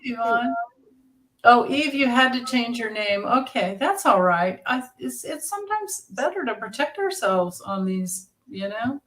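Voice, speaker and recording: A woman's voice: fairly high pitch, animated, unhurried, fairly bright tone, slight background noise. Chatty middle-aged woman greeting livestream viewers. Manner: chatty, greets viewers by name, laughs often. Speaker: tarot reader hosting a livestream. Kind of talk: casual livestream chat.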